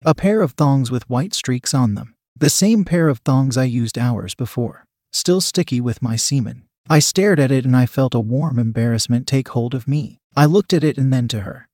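A man narrating a first-person adult story in a plain, steady reading voice. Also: mid-range voice, normal speed, hardly any pauses, no echo, studio quality.

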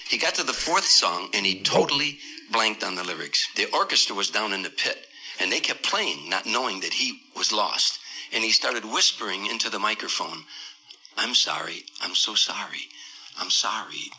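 Bright-voiced man telling a story. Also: on the low side, rough recording. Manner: animated storyteller, voices people in his tale. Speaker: storyteller in an interview clip. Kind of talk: recounted anecdote.

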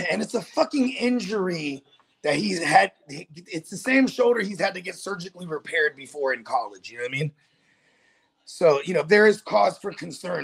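A man's voice: on the high side, creaky, fairly bright tone, husky. A man co-hosting a podcast, swaggering and swearing freely as he trash-talks in casual chat. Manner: brash, swaggering, cursing freely. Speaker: podcast co-host. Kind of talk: casual profane trash talk.

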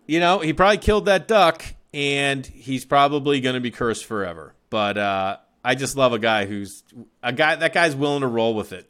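A man's voice: mid-range voice, a bit bright, clear, resonant tone. Guy hosting a golf podcast, ribbing callers, just chatting and joking around. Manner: joking, teasing, loose. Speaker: podcast host. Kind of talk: casual comedic podcast talk.

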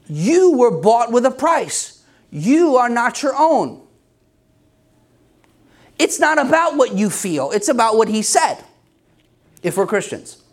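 A middle-aged male pastor preaching an emphatic, conversational sermon with self-deprecating humor. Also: extremely high pitch.

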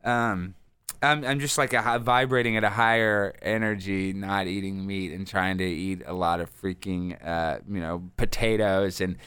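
A man in his thirties, a guest telling rambling, animated stories with lots of fillers. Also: low voice, moderate pace, smooth, no room sound. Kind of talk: casual interview storytelling.

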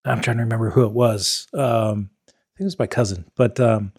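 Male podcast host, husky voice, relaxed follow-up questions, dry close sound. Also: lowish voice, fairly quick, dry recording. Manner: brief reactions and follow-up questions. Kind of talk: casual interview.

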